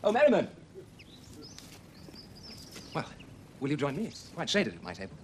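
An actor playing a charming, teasing gentleman with a jovial, theatrical manner in a 1970s period drama. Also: medium pitch, very animated, quick pace, natural voice. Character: charming upper-class Edwardian gentleman. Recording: hissy old TV soundtrack.

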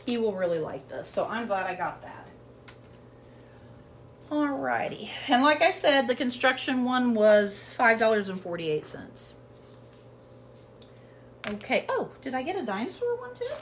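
A woman's voice: a little high, sing-song, measured pace, long pauses, a little hiss or hum. Chatty woman rambling through a haul. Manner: rambling and chatty with many fillers. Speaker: haul vlogger. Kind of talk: casual product haul chat.

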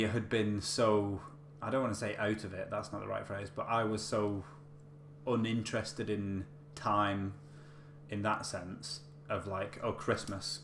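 A man's voice: fairly low pitch, a bit bright. A man chatting casually to camera, telling a story with many fillers and restarts. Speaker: vlogger. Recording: echoey room with faint hum.

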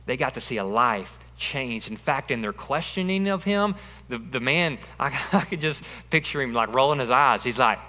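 A man preaching a sermon as pastor, emphatic and repetitive, building to loud peaks. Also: medium pitch, animated, normal speed. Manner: emphatic, repeats phrases, rising to loud peaks. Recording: long reverb of a large hall.

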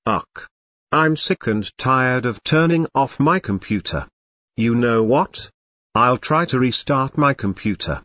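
A man voicing a fed-up computer user in a fan-made cartoon, talking in a flat, deliberate way. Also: medium pitch, no room sound, studio quality. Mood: deadpan.

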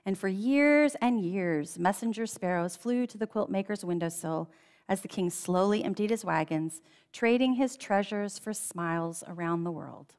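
A woman's voice: medium pitch, normal speed, darkish tone, smooth, long reverb tail. A woman reading a children's storybook aloud in a church, telling it expressively and lingering on key phrases. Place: church sanctuary.

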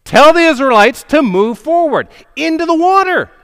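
A commanding divine voice barking orders high and loud, as a preacher puts it on. Each instruction comes out forceful and insistent. The pitch sits well above his usual voice. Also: sing-song, moderate pace, in a large hall, heavily acted.

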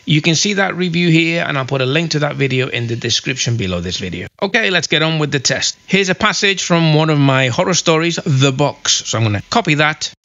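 A man hosts a casual review, talking viewers through software step by step in a chatty way. His voice sits fairly high. It has a bright, forceful edge. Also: expressive, brisk, hardly any pauses, lo-fi sound. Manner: chatty, explanatory walkthrough.

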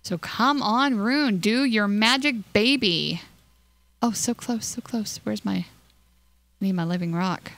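A young woman chats her way through a game session, talking fast and scattered and giggling as she goes. She slips into a high cooing voice for the cute creatures on screen. Her voice sits in a middle pitch, recorded close and dry. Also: fairly bright tone, dry recording. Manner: hyper and scattered. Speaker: let's play host. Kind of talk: casual gameplay commentary.

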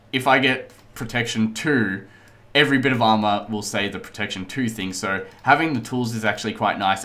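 A man casually commenting on his own gameplay as host, chatty, rambling and excitable. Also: on the low side. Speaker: let's play host.

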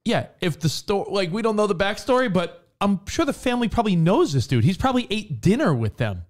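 A man co-hosting a podcast argues in an excitable, swearing way. His voice sits high and moves around a lot in pitch. He keeps jumping in with quick remarks. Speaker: co-host. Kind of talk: casual podcast chat.

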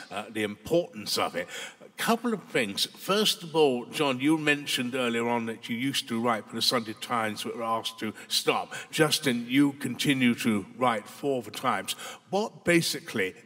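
A man in the audience puts a question to the stage in a bright, forceful voice. He speaks in a measured way, hesitating with fillers. His voice rings with a long reverb from the hall. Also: medium pitch. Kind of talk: question from the floor.

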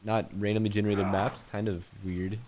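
A man's voice: fairly low pitch, little pitch movement, brisk, background noise. A man streaming a survival game, chatting casually and reacting with jokes and dramatic outbursts. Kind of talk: casual gaming chat.

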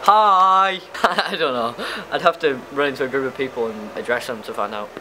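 Over some background noise, a young man from Lancashire speaks at a quick pace in a mid-range voice. He's a YouTube vlogger doing a tag video, chatting casually and bluntly in his northern English accent and swearing from time to time.

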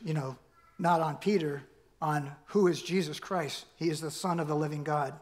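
A high-pitched middle-aged man preaching in a church. He talks in a loose, conversational way, full of fillers and restarts. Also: steady tone, moderate pace. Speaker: pastor. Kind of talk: sermon.

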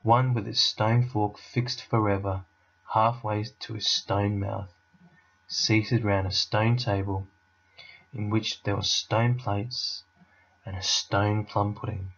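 Man reading a children's book aloud, low voice, slow delivery, muffled recording. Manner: steady, unhurried storytelling. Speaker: teacher reading to a class.

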